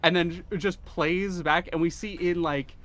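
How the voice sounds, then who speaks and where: A man's voice: fairly high pitch, fairly even intonation, normal speed, a bit bright. Guy running a tabletop game, rambles a bit, lots of uh and like. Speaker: game master.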